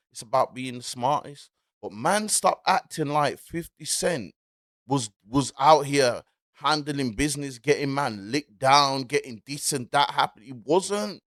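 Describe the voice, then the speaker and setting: A man's voice: mid-range voice, a bit bright, no room sound, clean studio sound. A man hosting casual commentary, talking emphatically and repeating his points. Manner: emphatic, repeats points, asks "you get me?". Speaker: commentary host.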